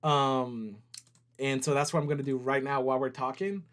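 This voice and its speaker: This man, a CEO running his company's livestream, talks at normal speed in a medium-pitched, steady, fairly bright voice. He's chatty and quick to laugh, addressing viewers as he works on screen.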